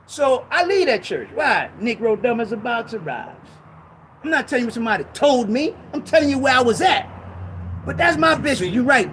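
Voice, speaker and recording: Man on a ministry show, very high and swooping voice, repeats points emphatically, casual slang, faint noise behind. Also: animated, moderate pace. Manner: emphatic, repetitive, rising to shouts; conversational street slang. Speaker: ministry talk show speaker. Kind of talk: impassioned preachy talk.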